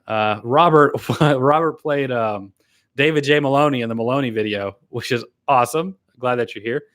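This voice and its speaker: A man's voice: medium pitch, normal speed, a bit bright. A man chatting casually on a live stream, rambling with fillers and laughs, and earnestly thanking viewers. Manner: earnest and grateful when thanking donors. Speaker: YouTuber hosting a live stream. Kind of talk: casual live-stream chat, reading and answering viewer comments.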